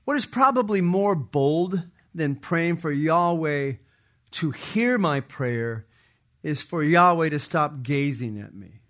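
A man's voice: a little high, animated, takes it slowly, fairly bright tone. A middle-aged man preaching a sermon, earnest and emphatic, often repeating phrases for weight.

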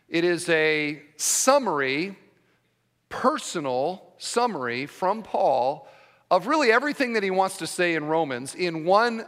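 A male pastor delivers a sermon in a conversational teaching style, often pausing to ask "okay?". His fairly high voice swings widely in pitch. The sound rings with the long reverb of a church hall. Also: a bit bright. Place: church sanctuary.

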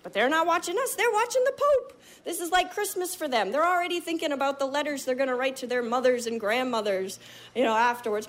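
Animated woman telling a story on stage. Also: high voice, fairly quick. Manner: animated, vivid, acts out other people's lines. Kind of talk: live storytelling performance.

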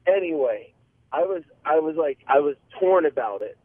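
A man phones in to share a story, speaking earnestly and halting over his words as he restarts sentences. His voice comes through a tinny, narrow phone line and sounds dry and close, with no room around it. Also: a little high, expressive, no room sound. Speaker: caller. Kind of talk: call-in testimony.

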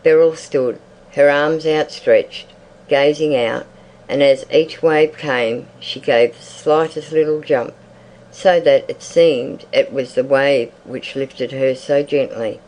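A reader narrating a literary short story in a measured, even audiobook style. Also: medium pitch, low-quality recording.

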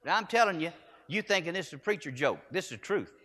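Earnest preacher in an echoing hall. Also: male voice, on the high side, expressive, fast talker, sharp tone. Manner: earnest, emphatic, repeats key phrases. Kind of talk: storytelling sermon. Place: church sanctuary. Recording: echoey hall with long reverb.

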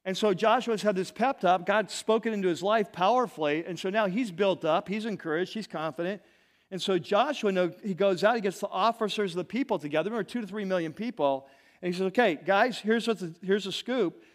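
Male pastor, high voice, casual conversational sermon, reads scripture and explains it. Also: a little fast. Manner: casual, conversational preaching with fillers and asides; reads scripture verses aloud and explains them.

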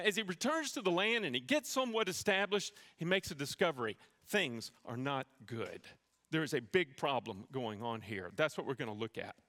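Man pastor, bright and somewhat high voice, sermon in a reverberant church. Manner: storytelling with self-deprecating humor. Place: church sanctuary.

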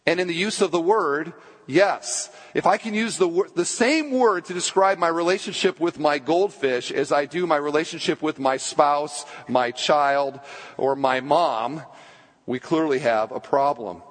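A male pastor preaching a sermon with emphatic delivery, slowing down on key phrases. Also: on the high side. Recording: church hall reverb.

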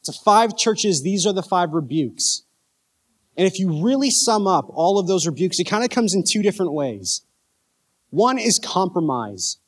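High-voiced casual youth preacher man. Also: very animated, normal speed. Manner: casual, conversational preaching with jokes and questions to the audience. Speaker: youth pastor. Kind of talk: youth sermon.

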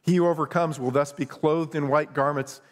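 A man's voice: fairly high pitch, steady tone, moderate pace, in a large hall. A middle-aged male pastor preaching a conversational sermon with self-deprecating humor.

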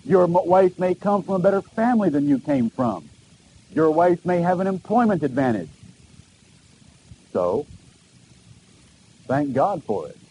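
A middle-aged male pastor preaching with an earnest, questioning delivery and emphatic repetitions. His voice sits a little high for a man yet sounds dark and mellow. A faint hiss of noise runs behind him. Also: rough recording. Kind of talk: sermon.

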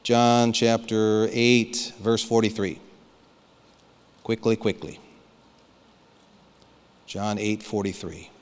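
A man's voice: fairly low pitch, little pitch movement, slow, long pauses, clean tone, in a large hall. A man preaching a sermon as pastor, fervent and emphatic, urging his listeners to listen.

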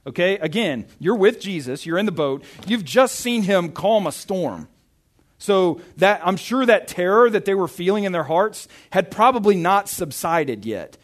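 A male pastor giving a conversational sermon, reading scripture and retelling it with lively asides and stammered restarts. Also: high-pitched, unhurried.

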